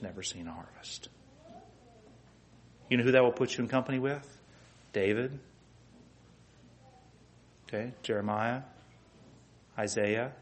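Fervent preacher. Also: male voice, on the low side. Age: adult with children. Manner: fervent preaching, many rhetorical questions to the congregation. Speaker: pastor. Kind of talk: sermon.

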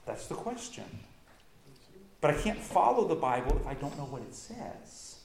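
A man's voice: fairly high pitch, very animated, normal speed, gravelly, a little mellow. A man preaching from the pulpit in a slightly raised voice, earnest and emphatic as he presses each point. His words ring around an echoey church hall, with a faint hiss underneath. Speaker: pastor. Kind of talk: sermon.

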